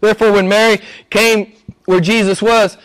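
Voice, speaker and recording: A man preaching a sermon as pastor, asking the congregation question after question, rising to loud emphatic peaks and dropping to hushed low asides. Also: flat delivery, normal speed.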